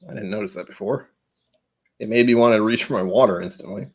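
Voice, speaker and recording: A man's voice: fairly low pitch, fast. A man hosting a casual livestream, rambling and chatty with frequent laughs, his voice a bit tired. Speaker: livestream host.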